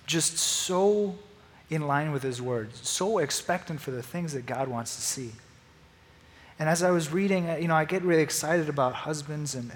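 A young man giving a casual, excitable sermon, rambling with lots of restarts and "like". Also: a little high, big-room sound. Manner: excitable, rambling, laughs and restarts, says "like" a lot. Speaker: youth preacher.

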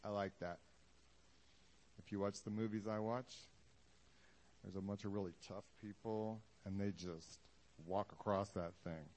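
A man's voice: fairly low pitch, steady tone, a little slow, pauses often, a little mellow. A man preaching a sermon in a casual, joking way, acting out the Bible scenes he talks about for the congregation. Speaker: pastor.

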